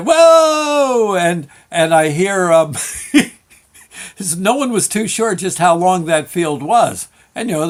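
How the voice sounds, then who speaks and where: An older man hosting his own show, telling a rambling childhood story with chuckles and halting restarts. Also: a little high. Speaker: show host.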